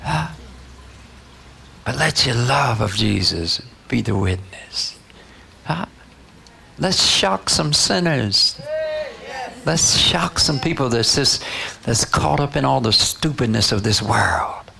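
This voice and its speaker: Gravelly, slow-preaching man. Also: medium pitch, lively intonation, pushed and bright, a little hiss or hum. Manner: call-and-response preaching, frequent "Huh?" and "you know". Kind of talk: sermon.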